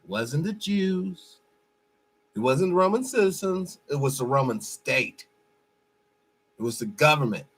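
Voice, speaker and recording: A man's voice: a little high, sing-song, measured pace, pauses often, fairly bright tone, husky. A man hosting a show, giving blunt, profane and mocking commentary over a played clip. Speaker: host.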